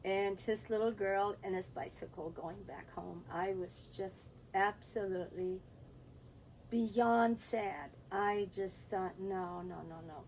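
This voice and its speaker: A woman's voice: medium pitch, steady tone, darkish tone, slight background noise, low-quality recording. Older woman telling a childhood story. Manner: pauses to drink and clear throat, recounting quoted dialogue. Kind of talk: personal storytelling.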